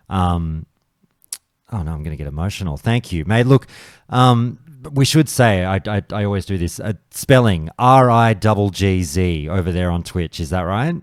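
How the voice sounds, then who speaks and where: Deep smooth-voiced guy hosting a chatty podcast, calls everyone mate. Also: normal speed, no echo, studio quality. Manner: warm, chatty, says "mate" a lot. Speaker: podcast host. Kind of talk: casual interview chat. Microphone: streaming mic.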